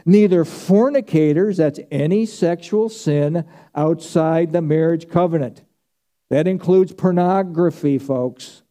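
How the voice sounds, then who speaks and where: A man's voice: on the high side, takes it slowly, mellow. A man preaching a sermon, stressing key words by drawing them out and repeating phrases for emphasis. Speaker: pastor.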